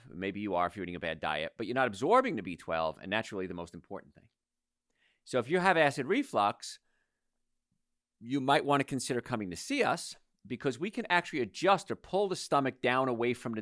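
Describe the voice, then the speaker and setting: A man's voice: mid-range voice, very animated, a little fast, sharp tone, no room sound, studio quality. A middle-aged man hosting a health talk, giving an informal, emphatic lecture to an audience and repeating his key advice.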